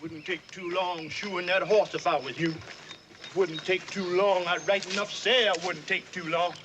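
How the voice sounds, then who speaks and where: An actor playing a fawning old enslaved fiddler. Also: male voice, high-pitched, fairly even intonation, moderate pace, background noise, lightly acted. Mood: scolding. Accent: American Southern. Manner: drawling Southern dialect, pleading then scolding. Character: older enslaved male fiddler, fawning to master, harsh to newcomer. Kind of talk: period film drama.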